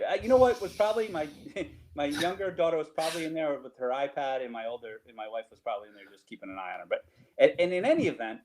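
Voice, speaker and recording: Middle-aged man with a New Jersey accent, lively cranky storyteller, voice slightly high for a man. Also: poor audio. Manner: animated, laughing, repeats himself, rhetorical "right?". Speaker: storyteller guest. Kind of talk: casual storytelling over slides.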